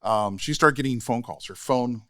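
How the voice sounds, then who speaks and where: A man's voice: mid-range voice, normal speed, a bit bright, no room sound, studio quality. A man co-hosting a casual podcast, telling stories with animation and acting out the voices of the people he quotes. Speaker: podcast co-host.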